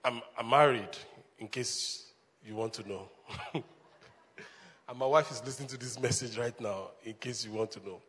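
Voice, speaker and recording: A man preaching as a pastor, animated, laughing often and calling the congregation to answer back. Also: medium pitch, normal speed, slightly rough. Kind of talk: sermon. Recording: long hall reverb.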